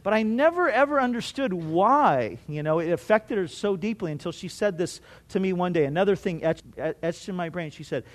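A middle-aged male pastor preaching a sermon, telling a personal story earnestly and swinging between loud and hushed. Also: high voice, animated, moderate pace, hardly any pauses. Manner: earnest storytelling with restarts and strong swings in loudness.

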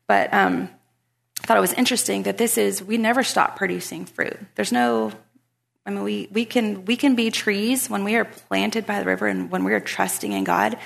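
A woman's voice: mid-range voice, creaky. A woman giving a casual devotional talk, reading scripture and chatting about everyday life. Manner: chatty, animated when retelling a story. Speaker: Bible study speaker.

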